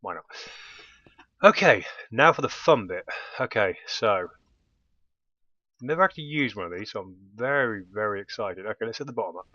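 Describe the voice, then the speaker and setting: A man's voice: on the low side, lively intonation, normal speed, pauses often, sharp tone, no room sound, highs cut off. A man giving casual commentary while playing a game, often bursting into delighted exclamations. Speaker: let's play host.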